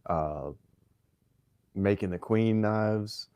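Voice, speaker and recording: A man from Virginia with a light Southern accent, chatting casually with viewers on his livestream in a relaxed, halting way, often restarting and clearing his throat. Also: fairly low pitch, no room sound. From Virginia, USA. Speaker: livestream host.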